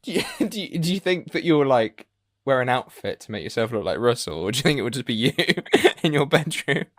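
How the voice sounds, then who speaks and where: A man's voice: medium pitch, big pitch swings, a little fast. A man hosting a casual podcast, chatty and rambling, laughing easily. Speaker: podcast host. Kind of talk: casual chat.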